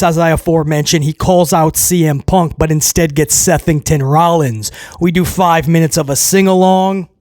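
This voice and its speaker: A man recapping a wrestling show in a casual, excitable way, rambling with restarts and chuckles. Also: on the high side, dry recording, clean studio sound.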